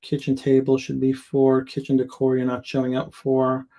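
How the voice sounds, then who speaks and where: Casual live-stream reviewer: a man with a gravelly, creaky edge, rambling and loose. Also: medium pitch, monotone, moderate pace, mellow. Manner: loose and chatty, full of ums and likes, thinking aloud. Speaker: sales account executive reviewing seller listings.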